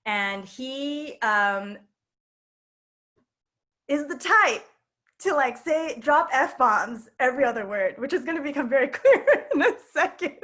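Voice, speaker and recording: At a live storytelling night in a queer bookstore event space, a woman with a New York accent tells a personal story, chatty and full of fillers and laughter. Her high, fairly bright voice is animated but slow-paced.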